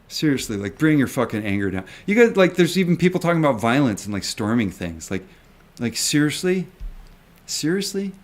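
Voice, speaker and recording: A man's voice: mid-range voice, very animated, normal speed, long pauses. A man who invests in stocks, talking to his viewers in a video. He rants emphatically, repeats himself and swears often. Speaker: retail stock investor vlogger. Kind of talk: ranting video commentary.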